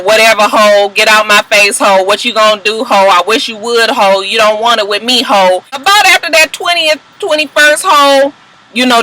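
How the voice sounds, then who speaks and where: Sassy, bright-voiced woman vlogger. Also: low-quality recording. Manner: sassy, blunt, heavy swearing, mocking asides; wildly swinging pitch when telling the story. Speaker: TV show recap vlogger. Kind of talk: casual profane recap commentary.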